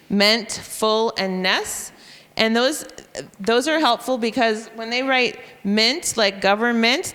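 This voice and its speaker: A woman teacher walks colleagues through a phonics sequence, spelling out letters and sounding out chunks in an even, explanatory way. Her voice sits at a middle pitch for a woman. The room lends her a long, trailing reverb, like a hall. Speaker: reading teacher. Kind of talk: professional development talk to teachers.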